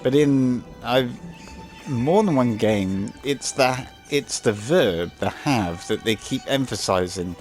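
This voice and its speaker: A man's voice: medium pitch, animated, slow pace, a little mellow, soft background music. A man giving casual, rambling gameplay commentary, hesitant and full of fillers.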